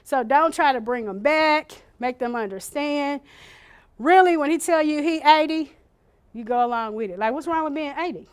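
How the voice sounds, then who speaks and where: A woman leading an informal care-training workshop, chatty and animated, acting out little scenes with sudden loud bursts. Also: sits high, normal speed.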